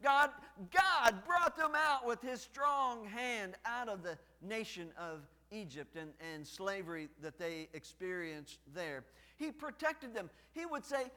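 A pastor preaching with bright, forceful energy and a somewhat high voice. He hammers on repeated phrases and rises to loud emphasis. His voice rings through a church sanctuary with a long reverb. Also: lively intonation, a little slow. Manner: builds from a hushed prayer to loud, emphatic preaching with heavy repetition. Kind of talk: sermon.

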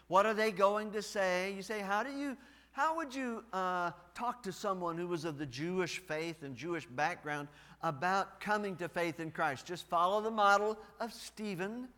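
A man preaching a sermon as pastor. He repeats phrases over and over and builds to loud, emphatic delivery. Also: sits high, clear, resonant tone. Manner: builds from a hushed prayer to loud, emphatic preaching with heavy repetition. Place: church sanctuary. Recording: church hall reverb.

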